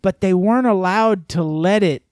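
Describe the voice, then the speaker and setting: A man co-hosting a casual podcast chat, excitable and profane, rambling through his points. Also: high-pitched, normal speed, dry recording, studio quality. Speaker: podcast co-host.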